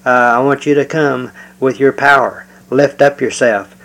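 Man teaching a psalm, measured, halting. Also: medium pitch, fairly even intonation, a bit bright, low-quality recording. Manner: measured, with frequent "uh" pauses. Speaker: preacher. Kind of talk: verse-by-verse Bible teaching.

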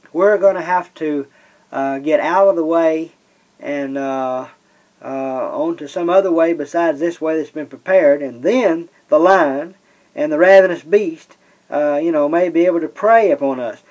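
A man preaching a Bible-teaching sermon. He slows down and leans on the scripture he reads, and pauses often with "uh". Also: on the high side, a little mellow, lo-fi sound. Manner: slows and stresses scripture readings, many "uh" pauses.

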